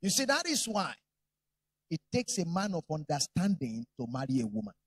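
Animated preacher with a lively voice. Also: male voice, a little high, moderate pace, husky, no echo. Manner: animated, humorous storytelling. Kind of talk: sermon.

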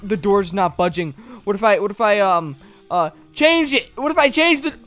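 A young man playing a horror game with a friend, frantic and excitable, often yelling. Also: high voice, moderate pace, very noisy. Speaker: gaming YouTuber. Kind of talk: gameplay commentary.

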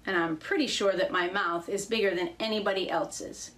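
A woman's voice: mid-range voice, fairly even intonation, normal speed, fairly bright tone, natural voice. A woman voicing a boastful hippopotamus in a storybook fable. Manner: boastful, snorting.

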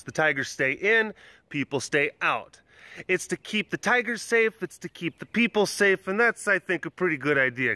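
A big-cat keeper with a high, sharp voice explains things simply and patiently to preschool children outside by the enclosures, using each one's name; the audio has no room sound.

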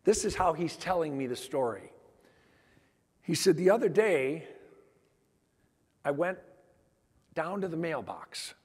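A man's voice: on the high side, sing-song, takes it slowly, long pauses, slightly rough. Man telling heartfelt stories in a hall. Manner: heartfelt, emphatic storytelling with quoted dialogue. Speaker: conference speaker. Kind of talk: storytelling keynote talk. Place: large conference hall. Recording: long hall reverb.

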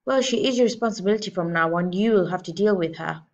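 A woman's voice: mid-range voice, fast talker, darkish tone, lo-fi sound, natural voice. A woman doing a snappish, ratty little father. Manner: snappish and dismissive. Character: sly, brusque father, a small ratty man.

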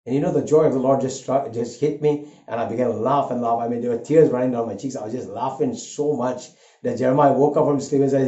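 An older man preaching a sermon, an earnest and animated storyteller who weaves a personal story into his message. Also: mid-range voice, quick pace. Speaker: pastor. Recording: roomy, dull lo-fi sound.

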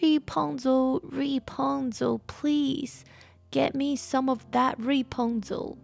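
A desperate peasant wife, voiced by a female storyteller, begs in a high, thin plea. Soft music plays beneath the storybook reading. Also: fairly even intonation, slow pace, vocal fry, heavily acted. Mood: pleading. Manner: high begging tone. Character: pleading sickly farmer's wife.

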